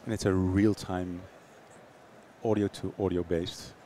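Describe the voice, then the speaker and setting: A man, a startup founder, answering interview questions in English with hesitant pauses and repeated words. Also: deep voice, little pitch movement, dark tone, a little hiss or hum. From Netherlands.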